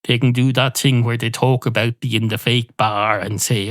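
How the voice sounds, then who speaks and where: Deadpan rambling comedian. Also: male voice, mid-range voice, normal speed, no room sound. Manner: deadpan, musing, digressive. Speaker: podcast host. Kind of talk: rambling comic monologue.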